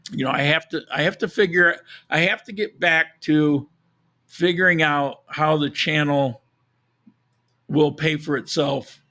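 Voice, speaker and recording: A man hosting a live podcast, chatting casually with a hoarse, froggy voice, rambling and correcting himself as he goes. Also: a little high, pushed and bright. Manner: rambling, self-correcting, chuckles at own jokes. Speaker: podcast host. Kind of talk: casual live-stream chat.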